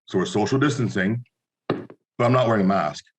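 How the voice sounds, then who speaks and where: Man, lowish voice, blunt opinionated podcast talk. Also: a little fast, poor audio. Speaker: podcast co-host. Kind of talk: casual chat.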